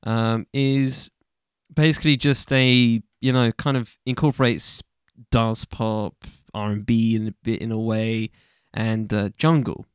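A man's voice: fairly low pitch, little pitch movement, measured pace, clean tone, no echo, studio quality. A young man from the UK hosting a casual solo podcast, rambling loosely with lots of ums and casual swearing. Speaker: podcast host.

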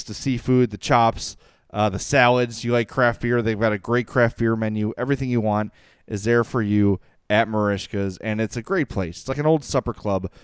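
A middle-aged man co-hosting a hockey podcast, talking in an excitable, jokey way and reading sponsor spots. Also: lowish voice, clear, resonant tone, no room sound, clean studio sound. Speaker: podcast co-host. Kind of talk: casual sports chat and sponsor read.

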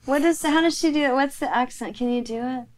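A woman from Oklahoma chatting on a podcast, animated and full of opinions. Her voice sits on the higher side, and she often restarts her sentences mid-thought. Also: a little fast. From Oklahoma City, USA. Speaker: podcast co-host. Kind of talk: casual chat.

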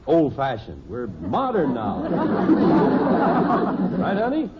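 A good-humored father who teases his family with mock-serious pronouncements in a 1950s radio sitcom. His voice is fairly high for a man and swings widely in pitch. A studio audience can be heard clearly over the muffled, noisy broadcast. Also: huge pitch swings, extremely slow, over a noisy crowd, full character voice. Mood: teasing.

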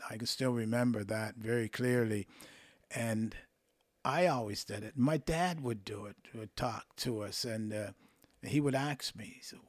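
An older man tells his coaching stories at an easy, measured pace. He slips into the voices of the people he quotes, and the sound is dry and close. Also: mid-range voice, no room sound. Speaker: hockey coach, guest. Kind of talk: relaxed interview storytelling.

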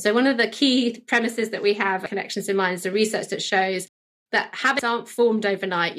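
A woman guest expert explaining her ideas in a calm, upbeat conversational way. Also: medium pitch. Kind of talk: conversational interview.

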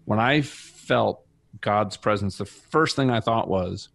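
A man's voice: on the low side, slow pace, gravelly, a bit bright, no room sound. A middle-aged man telling his personal faith story as a guest, earnest and reflective. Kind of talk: personal faith testimony in conversation.

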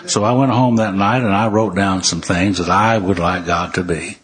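An older man with a drawl tells folksy recovery stories with dry humor. His voice sits fairly low and has a heavily husky, breathy texture. Now and then he reads passages from a book aloud. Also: steady tone, moderate pace, fairly bright tone. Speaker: recovery speaker.

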